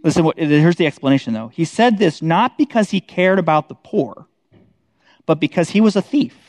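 Higher-voiced man teaching casually. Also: lively intonation, moderate pace, darkish tone, no echo. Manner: conversational, many "like" and "right?" tags. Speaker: Bible study teacher.

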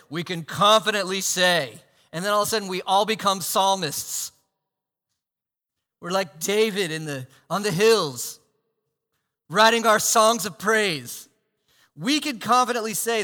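A man preaching a sermon as pastor, animated, swinging between loud emphasis and hushed asides. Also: high-pitched, measured pace. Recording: long hall reverb.

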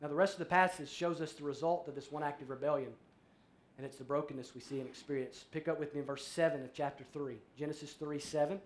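Man, pastor, sermon, high voice, lively, acts out dialogue. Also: fast. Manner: animated, acts out voices in a story, shifts between loud and soft.

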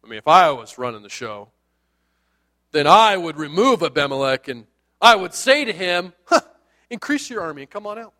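A man's voice: a little high, big pitch swings, moderate pace, long pauses. A man voicing a boastful, drunken man who talks big about taking down a ruler. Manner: loud, brash bragging.

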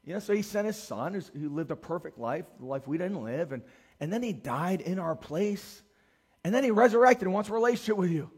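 A middle-aged man preaching a sermon as a pastor, animated and acting out the voices in his stories. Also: sits high, a little fast, husky. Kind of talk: sermon with storytelling.

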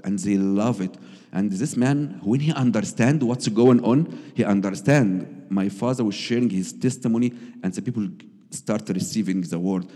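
Low mellow man in broken English. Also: big-room sound. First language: not English. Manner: broken English, acts out quoted voices loudly. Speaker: guest missionary. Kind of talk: telling a personal story.

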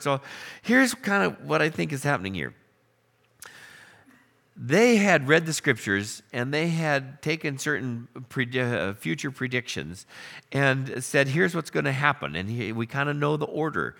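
A man preaching a sermon, telling the story with animated questions and acted-out lines. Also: medium pitch, normal speed, vocal fry. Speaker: pastor.

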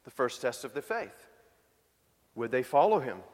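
A man's voice: mid-range voice, very animated, moderate pace, in a large hall. A man preaching a sermon in a conversational way, asking his listeners rhetorical questions. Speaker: pastor.

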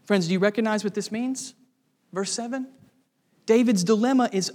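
A man's voice: sits high, moderate pace, pauses often, darkish tone, long reverb tail. A man preaching an expository sermon, emphatic and posing rhetorical questions to the congregation.

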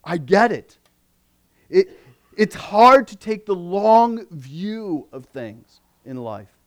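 A male pastor preaching a sermon, moving between emphatic passages and hushed asides. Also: sits high, expressive, takes it slowly.

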